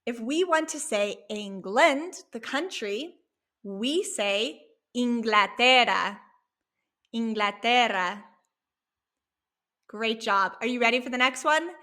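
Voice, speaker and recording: A woman teaching a Spanish lesson, slowly modeling words and encouraging the listener to repeat after her. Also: a little high, lively intonation, fairly bright tone. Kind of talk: language lesson.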